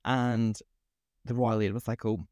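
A man's voice: mid-range voice, moderate pace, no room sound. Man, podcast co-host, sweary rant, dry close sound. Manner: sweary, ranting, animated storytelling. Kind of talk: casual chat.

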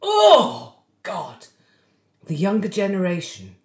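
A woman's voice: medium pitch, wildly swooping pitch, takes it slowly, darkish tone, reverberant. A woman with a self-deprecating, rambling way of telling stories in casual chat.

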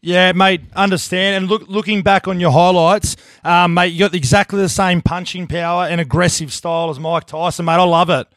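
Brief: co-host, high voice, teasing and dry, close dry sound. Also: male voice, steady tone, brisk, hardly any pauses, a bit bright, dry recording. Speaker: podcast co-host. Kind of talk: casual sports chat.

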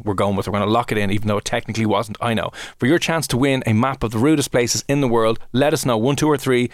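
A man's voice: mid-range voice, no echo, clean studio sound. An Irish man hosting an evening radio show, joking and teasing through a prank call with a co-host. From Ireland. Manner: joking, teasing, quick-witted. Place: radio studio.

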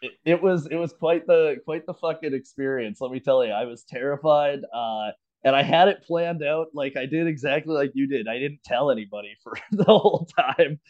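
His voice leans high and a little mellow, moving at a moderate pace. The man co-hosts a podcast remotely from his home, telling a story through relaxed, laugh-filled, expletive-heavy chat. Audio quality is lo-fi and a touch dull.

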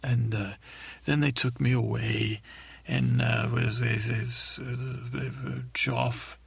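Gravelly rambling man, playing a dim boy prince. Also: medium pitch, level tone, no echo. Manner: halting, full of restarts and mixed-up names. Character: dim, timid boy prince telling a tale. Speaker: comedic storyteller. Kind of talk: rambling improvised comic storytelling in character as a boy prince.

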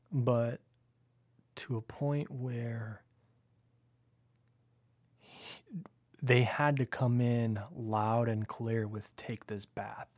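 A man's voice: mid-range voice, a little mellow. A young man hosting a podcast, earnestly recounting a personal spiritual practice in a confessional way, sometimes dropping to a near-whisper. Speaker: podcast host. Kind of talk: reflective spiritual monologue.

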